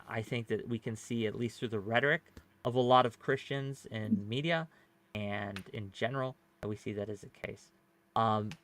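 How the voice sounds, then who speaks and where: Hosting and sitting on a debate panel, this man argues casually and at length, leaning on fillers, restarts and "right?" tags. His voice is on the low side, with a bright, forceful tone.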